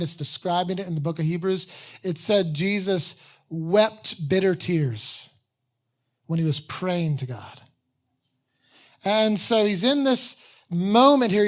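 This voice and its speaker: Conversational pastor preaching a sermon. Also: medium pitch. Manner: conversational, candid, self-deprecating asides.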